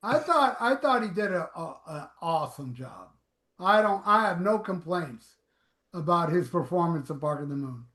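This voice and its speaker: A man's voice: fairly high pitch, lively intonation, moderate pace, fairly bright tone, roomy sound. A man talking casually on a review panel, enthusiastic and repeating his praise.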